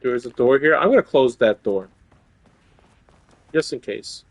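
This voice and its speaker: A young man streaming a video game, swearing excitably and reading in-game notes aloud. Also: mid-range voice, a little slow, vocal fry, dry recording. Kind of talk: casual live gameplay commentary.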